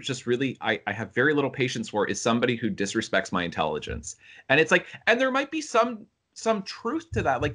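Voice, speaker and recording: A man hosting a casual film review podcast, talking with animated energy and acting out quotes in high voices. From United States. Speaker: podcast host.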